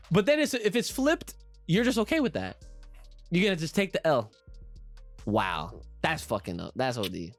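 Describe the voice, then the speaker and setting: Young male podcast co-host, casual and animated, a bit high-pitched, light music bed. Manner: animated, swearing, laughing often, reads listener comments.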